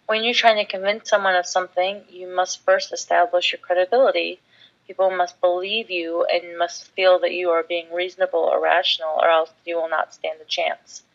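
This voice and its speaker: A woman teaching public speaking in a clear, measured, scripted way. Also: lowish voice, little pitch movement, highs cut off. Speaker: instructor. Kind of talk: scripted instructional talk.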